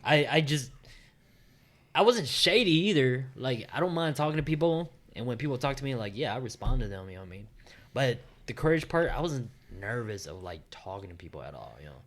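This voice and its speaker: A man's voice: medium pitch, big pitch swings, brisk. A man in his thirties hosting a casual podcast, talking in a laid-back way and often asking "you know what I mean?". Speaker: podcast host. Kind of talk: casual chat.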